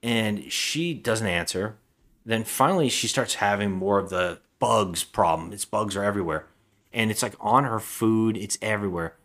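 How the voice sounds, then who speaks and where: A man with a fairly low voice co-hosting a podcast, recapping a trashy movie in a loose, rambling way. He slips into quick impressions of the characters as he goes. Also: a bit bright. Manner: rambling, acts out lines in voices. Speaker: podcast co-host. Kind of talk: casual movie recap chat.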